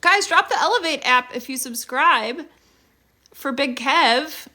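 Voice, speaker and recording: A young woman talks casually on a phone livestream, her tone bright and clear. Her pitch rises and falls a lot as she chats and thanks viewers. She fills the gaps with "um" and "like". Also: lively intonation, slow. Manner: chatty and upbeat, thanking viewers with many fillers. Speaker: livestream host.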